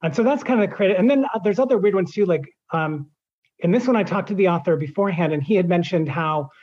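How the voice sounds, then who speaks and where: Higher-voiced man, lo-fi sound. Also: animated, fast talker, a little mellow. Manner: thoughtful, explains at length with examples. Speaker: audiobook narrator. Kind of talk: interview answer.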